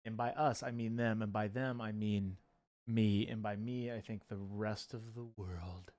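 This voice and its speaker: A man's voice: lowish voice, steady tone, unhurried, a little mellow. A man co-hosting a casual livestream and reading viewer chat aloud, playful and jokey with goofy asides.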